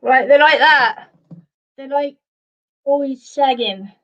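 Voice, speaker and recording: Giggly Australian woman, slow chat. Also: sits high, a bit bright, lo-fi sound. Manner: chatty and giggly, reads out comments. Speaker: host of a live chat show. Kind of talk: casual live chat.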